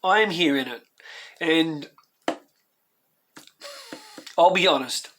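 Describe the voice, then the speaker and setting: A man's voice: a little high, slow pace, fairly bright tone, a little hiss or hum. Emotional Australian man ranting. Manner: heartfelt, ranting, repeats himself. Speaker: YouTube host. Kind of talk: emotional reaction commentary.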